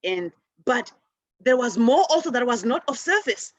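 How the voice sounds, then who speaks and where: Woman host, fairly high and airy, earnest spiritual sharing with many restarts. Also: big pitch swings, normal speed, no room sound. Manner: earnest, with frequent restarts and repeated words; addresses souls in soft loving affirmations. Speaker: show host. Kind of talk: spiritual forgiveness practice talk.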